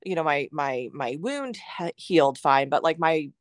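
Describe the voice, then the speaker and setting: A woman's voice: low voice, animated, moderate pace, no echo, studio quality. A middle-aged woman talking candidly as a podcast guest, full of fillers and acting out her own thoughts. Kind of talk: candid conversational chat.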